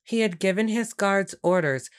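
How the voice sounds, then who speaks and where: A woman narrating a historical tale as scripted storybook narration, measured and even. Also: medium pitch, clear, resonant tone.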